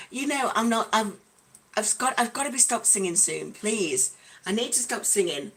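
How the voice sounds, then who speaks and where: Host-type woman on a casual livestream, fairly high voice, bubbly and playful, chats straight to viewers. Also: animated, normal speed, fairly bright tone. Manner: bubbly, chatty, calls out viewers by name; playful, breaks into song.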